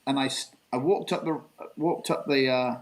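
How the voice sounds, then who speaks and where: A man's voice: medium pitch, moderate pace, low-quality recording. An English man from England, a guest telling a long rambling story, repeating himself and swearing. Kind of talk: casual storytelling interview.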